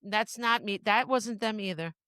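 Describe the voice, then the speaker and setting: A woman's voice: mid-range voice, moderate pace, sharp tone, clean tone, dry recording. A middle-aged woman chatting on a podcast in a rambling way, often restarting her sentences and breaking into laughs. Her voice sits in an ordinary middle register. It sounds dry and close, with no room around it. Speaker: podcast co-host. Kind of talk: casual chat.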